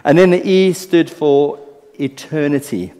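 Man, South African accent, pastor preaching a sermon, slightly high voice, chatty and teasing, long church reverb. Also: unhurried, mellow, clean tone. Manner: chatty, teasing, checks in with the congregation. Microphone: stage PA microphone. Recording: live church hall reverb.

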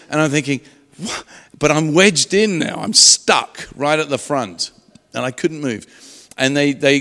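A man's voice: mid-range voice, a bit bright. A man telling his own story in a sermon, conversational, with restarts and asides. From England. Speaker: preacher. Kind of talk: sermon testimony. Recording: long reverb of a large hall.

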